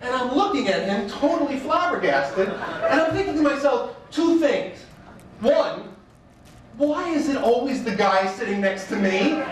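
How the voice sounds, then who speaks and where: A man giving a comic speech, telling wry, animated stories with mock quotes. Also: very high-pitched, a little slow, background noise. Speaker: speaker. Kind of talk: stand-up style speech. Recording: echoey room, mic far off.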